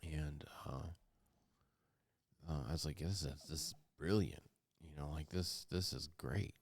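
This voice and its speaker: A middle-aged man telling a personal story on a podcast, halting and earnest, with many fillers and restarts. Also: very deep voice, husky. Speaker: podcast co-host.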